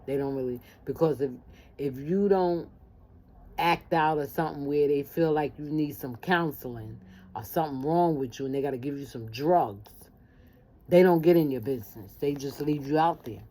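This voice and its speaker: A woman telling a personal story in casual talk, lively and acting out the voices of family members. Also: low voice, moderate pace.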